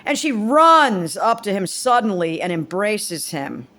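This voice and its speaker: A woman's voice: mid-range voice, sing-song, a little slow, bright, forceful tone. Woman in her fifties, casual vlog monologue, rambling, blunt, swears, restarts sentences. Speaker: vlogger.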